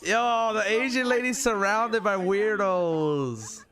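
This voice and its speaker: A man with a slightly high voice makes slow, amused, offhand asides while filming outdoors. His commentary sounds casual and unhurried. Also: a bit bright. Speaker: streamer filming. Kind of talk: live street commentary. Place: outdoor street protest.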